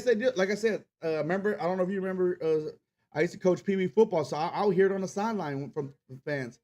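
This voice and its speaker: A man's voice: high voice, a little mellow. A man hosting a podcast, ranting casually and with plenty of swearing about sports fans and reading the live chat. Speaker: podcast host.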